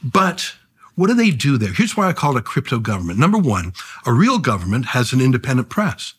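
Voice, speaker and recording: Male journalist guest, husky and lively, punchy talk in numbered points. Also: mid-range voice, brisk. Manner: punchy storyteller, builds points as numbered lists. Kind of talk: casual conversational podcast talk.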